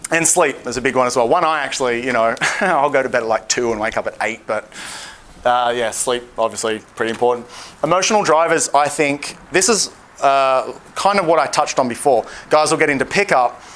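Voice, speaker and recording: A man's voice: mid-range voice, a little fast, a bit bright. A young Australian man giving a seminar talk as a dating coach, blunt and profane, acting out quotes in a livelier voice. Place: seminar room.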